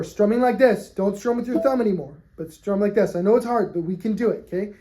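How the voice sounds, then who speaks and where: A mellow, mid-pitched voice of a ukulele teacher filming a lesson. The teacher talks patiently and kindly, tags almost every instruction with "okay?" and counts the beat out loud while strumming along. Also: fairly quick, hardly any pauses, slight background noise. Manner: friendly, checks in with "okay?" constantly. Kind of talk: on-camera music lesson.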